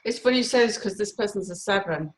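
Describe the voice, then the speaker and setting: A woman's voice: medium pitch, fast talker. A woman co-hosting a live stream, reading out numerology numbers, apologetic and giggly. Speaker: numerology co-host.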